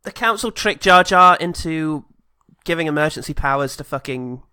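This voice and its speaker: Male podcast co-host, sarcastic and sweary, bright fairly high voice, dry close-mic sound. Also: animated, smooth, dry recording. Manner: sarcastic, swears freely, quick asides. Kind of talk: casual film-recap chat.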